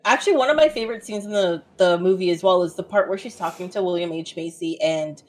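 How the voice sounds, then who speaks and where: A woman's voice: fairly low pitch, fast talker. A woman co-hosting a casual film chat, talking in loose rambling sentences full of fillers and restarts. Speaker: podcast co-host.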